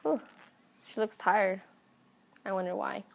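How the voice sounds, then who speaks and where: A woman's voice: on the high side, a little slow, darkish tone, close to an everyday voice. A woman voicing a casual, unbothered maid who answers in an offhand way. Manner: offhand, nonchalant.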